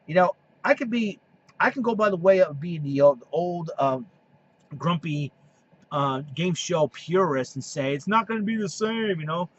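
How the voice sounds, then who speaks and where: A high-voiced man hosts a solo podcast, his pitch swinging up and down. He rambles, stumbles over his words and repeats himself, and heats up into scolding rants at rival fans. The recording sounds muffled and lo-fi. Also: animated, normal speed. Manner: heated ranting, scolds opposing fans. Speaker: podcast host. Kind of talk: solo sports and wrestling podcast monologue. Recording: dull lo-fi recording.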